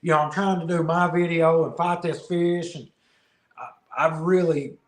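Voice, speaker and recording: A man guesting on a podcast, telling a fishing story in a casual, animated way, often laughing and repeating words. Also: a little high, moderate pace. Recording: roomy echo.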